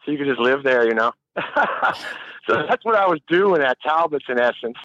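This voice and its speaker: A man's voice: medium pitch, expressive, moderate pace, fairly bright tone, dry recording, highs cut off. A man telling a long, rambling story in a casual interview, laughing and swearing freely. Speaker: musician guest.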